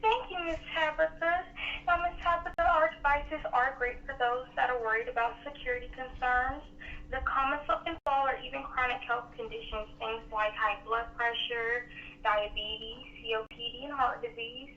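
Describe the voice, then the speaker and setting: A phone saleswoman gushing with flattery through her sales pitch. Her voice is bright and gravelly. It comes over a tinny, distant phone line with a faint hiss underneath. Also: moderate pace. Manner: effusive and flattering.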